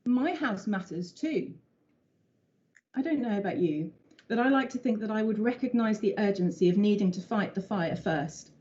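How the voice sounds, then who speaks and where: A woman speaks in a council chamber, earnest and persuasive as she argues her point. Her voice is mellow and rounded. The recording sounds dull and lo-fi. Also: medium pitch, a little fast, a little hiss or hum. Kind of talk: formal council debate speech.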